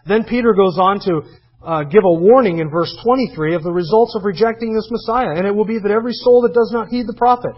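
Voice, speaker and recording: High-pitched husky preacher man. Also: fast talker. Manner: emphatic, reads scripture aloud and comments between verses. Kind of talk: expository sermon. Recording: dull lo-fi sermon recording.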